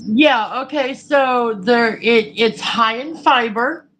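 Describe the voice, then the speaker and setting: A woman's voice: a little high, takes it slowly, a bit bright, a little hiss or hum, poor audio. A woman chatting casually and frankly, rambling through a story with lots of fillers. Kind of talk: casual chat.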